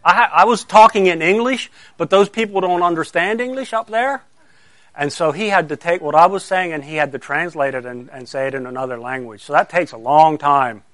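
A man's voice: on the high side, brisk, fairly bright tone, dry recording. A middle-aged man, a pastor telling a story to children and asking them questions as he goes. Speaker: pastor giving a children's sermon.

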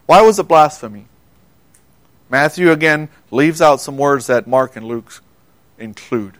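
A man preaching a sermon, earnest, asking his listeners questions, dropping quiet for quoted words and often repeating words as he goes. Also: fairly high pitch, lively intonation, moderate pace, no echo. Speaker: pastor.

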